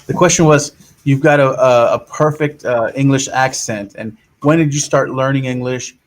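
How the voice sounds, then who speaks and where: A man hosting a radio interview, asking questions in a halting way with many fillers. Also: mid-range voice, slight background noise. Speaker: radio host. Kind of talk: casual interview chat.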